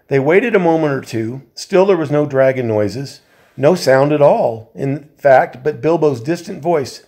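A man, a volunteer reader, reading a novel aloud in a measured way, with occasional slips he corrects. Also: on the high side, animated, a little mellow.

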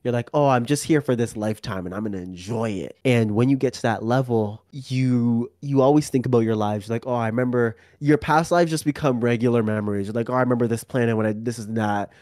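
A man speaks as a guest in a relaxed interview, his voice sitting in an ordinary middle range. He rambles and slips into acting out little quoted remarks. The sound is dry, with no room echo at all. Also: medium pitch, quick pace, hardly any pauses. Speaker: podcast guest. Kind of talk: casual interview talk.

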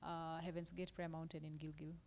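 聖書を熱く引用する女性. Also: female voice, sits low, fairly quick, big-room sound. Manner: animated, quotes scripture with emphasis. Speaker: panelist. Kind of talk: casual Christian discussion.

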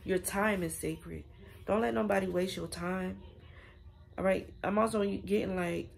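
A woman's voice: medium pitch, vocal fry, darkish tone. A woman giving a casual spiritual reading, chatty and affirming, speaking straight to her viewers. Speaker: tarot reader.

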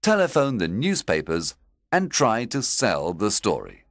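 A man narrating a story and reading quiz questions for English learners, measured and deliberate. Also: lowish voice, huge pitch swings, a bit bright, no echo, clean studio sound.

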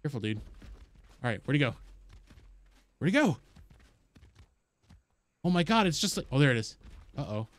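A man streaming a game live while high, giving excitable, rambling commentary, swearing and talking to the creatures and his chat. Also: moderate pace, pauses often, no echo.

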